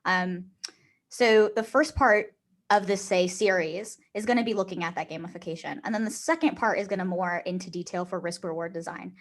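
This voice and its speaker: A woman's voice: lowish voice, a little fast. A woman co-hosting a podcast in casual chat, talking her ideas through and laughing between points. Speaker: podcast co-host.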